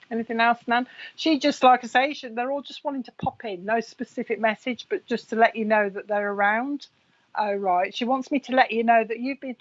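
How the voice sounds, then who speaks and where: A woman's voice: on the high side, dull audio. A woman who works as a psychic medium, giving a live reading. She chats away, passes on messages to viewers by name and laughs often.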